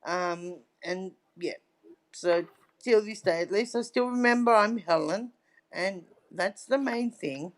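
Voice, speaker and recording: A middle-aged woman with a medium-pitched voice speaks slowly as a guest in a casual interview. She tells stories in a chatty way, often checking in with "right?"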